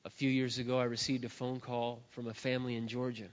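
Animated storytelling pastor in a reverberant hall. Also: male voice, medium pitch, fast talker. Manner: animated storyteller, acts out barking and shouting. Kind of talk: sermon storytelling. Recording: dull sound with long hall reverb.

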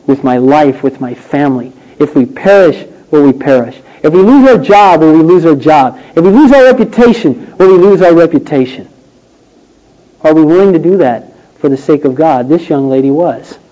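A man preaching a sermon, emphatic and rhetorical, swinging between loud declarations and hushed questions. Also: high-pitched, low-quality recording.

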